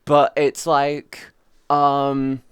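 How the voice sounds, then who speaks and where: A man's voice: mid-range voice, monotone, very slow, clear, resonant tone, dry recording, clean studio sound. A young adult man chatting casually on a live stream, rambling, swearing freely and restarting his sentences. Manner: rambling, profane, restarts often.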